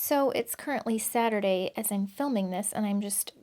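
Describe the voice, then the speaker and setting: A woman's voice: medium pitch, moderate pace, over loud music. A woman chatting casually as she sets up a planner, rambling with many fillers and little laughs, recorded at home. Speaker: planner vlogger.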